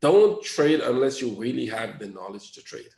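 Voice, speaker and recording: A man of middle pitch leads a trading webinar, talking loosely and tossing out rhetorical questions to his listeners. Now and then he acts out a panicking trader. His voice rings in a roomy, echoey space. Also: expressive, moderate pace, creaky, a little mellow. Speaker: trading instructor. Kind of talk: webinar lesson.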